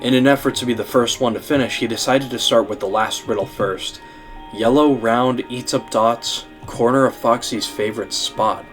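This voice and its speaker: A man reading a horror fan story aloud in steady, scripted narration, over background music. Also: mid-range voice, moderate pace.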